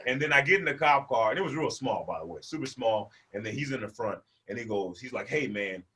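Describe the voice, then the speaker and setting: Animated young male stand-up comedian. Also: mid-range voice, fast talker. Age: 20s. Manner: animated, laughs between lines, acts out the characters in his stories. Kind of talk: stand-up storytelling. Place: a room, performing for a virtual event. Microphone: video call microphone.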